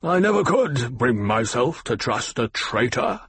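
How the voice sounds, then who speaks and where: A cruel, scheming baron, the villain of an audiobook, voiced by a man reading aloud. He drawls each word slowly and sneers through a husky, dry voice with no room sound at all. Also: mid-range voice, very animated, a bit bright, dry recording, heavily acted. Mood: cold.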